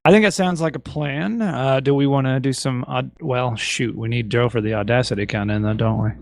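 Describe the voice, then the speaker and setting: A man co-hosting a podcast, chatting in an easygoing, halting way while setting up. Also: medium pitch, gravelly, dry recording. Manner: easygoing, hesitant. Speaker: podcast co-host. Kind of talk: casual pre-show chat.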